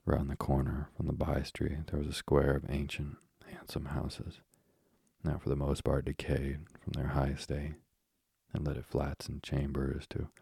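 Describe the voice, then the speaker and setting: A man narrating a classic novel in a measured, hushed reading with a husky, gravelly voice. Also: very deep voice, no echo, studio quality. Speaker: audiobook narrator.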